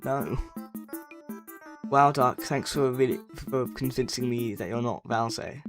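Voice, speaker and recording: Streamer rambling over faint music, mid pitch, trips over words, answers chat. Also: a little slow. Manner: self-correcting, stumbles over words. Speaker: livestreamer. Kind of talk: casual livestream chat.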